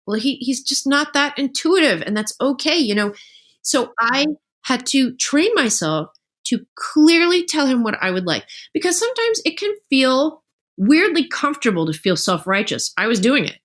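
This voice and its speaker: A middle-aged woman talking casually as a guest author on a podcast, telling animated stories and acting out the lines of other people. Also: fairly high pitch. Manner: animated storytelling, acts out quoted dialogue.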